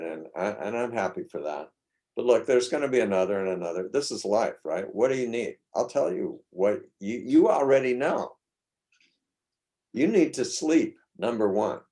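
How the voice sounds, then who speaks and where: A man gives an informal talk in a low, mellow voice. He is blunt and opinionated, pressing his points hard, and he often trips over and restarts his sentences. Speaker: speaker at a talk. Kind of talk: informal lecture.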